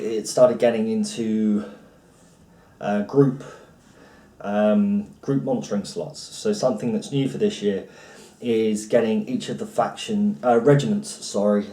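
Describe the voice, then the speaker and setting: A man's voice: on the low side, dark tone. A man chatting casually at home as a vlogger, rambling with many restarts while recapping a role-play event. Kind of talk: casual chat. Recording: roomy, from far off the mic.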